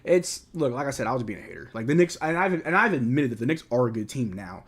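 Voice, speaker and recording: A man hosting a live basketball watch-along, calling plays with excitement and chatting casually about the team. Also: mid-range voice, quick pace, slightly rough. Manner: casual, excitable play-by-play mixed with candid fan opinions. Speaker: fan livestream host.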